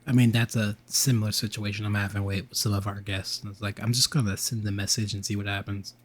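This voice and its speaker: A man's voice: on the low side, flat delivery, quick pace. A man hosting a casual podcast, laid-back and slangy with casual swearing, sleepy and with a sore throat. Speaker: podcast host. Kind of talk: casual late-night podcast chat.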